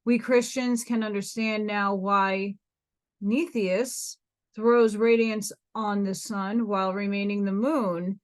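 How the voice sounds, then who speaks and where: An American woman reads an old esoteric text aloud at a steady mid pitch. She trips over unfamiliar words and restarts them before carrying on. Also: takes it slowly. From United States. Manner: stumbles over hard words, breaks off to comment. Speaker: reader. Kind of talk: reading a book aloud.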